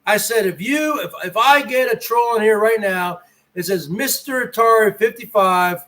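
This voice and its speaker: A man's voice: sits high, moderate pace, sharp tone, low-quality recording. A man hosting a livestream, ranting and taunting his viewers and rivals with profanity in casual talk. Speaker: livestream host. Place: home garage.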